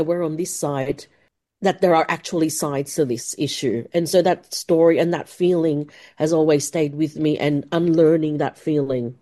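A woman gives a candid interview. Her voice sits low and mellow, and her delivery is chatty and informal, full of "like" and "um" and quick laughs. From Philippines. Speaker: interview guest, researcher.

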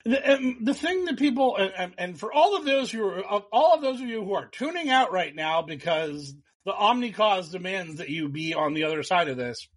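Husky, high-voiced sarcastic podcast host. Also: male voice, moderate pace, hardly any pauses. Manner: animated, profane, sarcastic, mocks others in put-on voices. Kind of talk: casual political podcast chat.

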